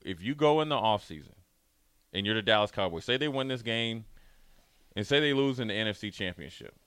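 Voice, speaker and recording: A man's voice: lowish voice, animated, fairly quick, fairly bright tone, clear, resonant tone, dry recording. A man talking sports in a playful, riffing debate, spinning out game scenarios. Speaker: sports talk host.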